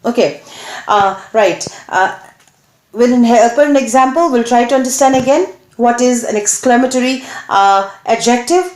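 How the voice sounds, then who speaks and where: A woman teacher with an Indian English accent giving a grammar lesson, halting with many fillers and checking questions to the class. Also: a little high, darkish tone. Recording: echoey room.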